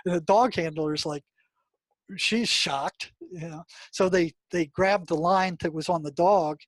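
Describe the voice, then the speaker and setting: A man's voice: a little high, measured pace, no room sound. Older man, dry emphatic storyteller. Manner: emphatic storyteller, many "I mean" and "you know" fillers. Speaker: guest, retired mental health practitioner. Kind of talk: storytelling interview talk.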